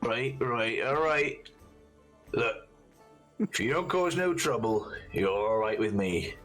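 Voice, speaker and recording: A man's voice: medium pitch, animated, slow pace, a bit bright, faint music behind. A man voicing a wary, blunt middle-aged innkeeper in a tabletop game. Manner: blunt, folksy, guarded.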